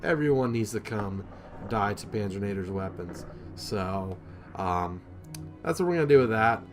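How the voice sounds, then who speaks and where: Young male gameplay commentator, low-pitched, chatty and self-mocking, faint music bed. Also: lively intonation, normal speed. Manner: rambling, self-deprecating, many ums.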